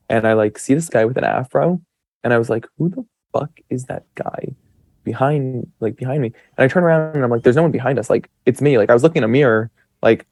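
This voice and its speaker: A man in his twenties, talking as a podcast guest, meanders through casual stories, full of fillers and bits of quoted self-talk. His middle-range, darkish voice is captured dry and close, with no echo or room sound.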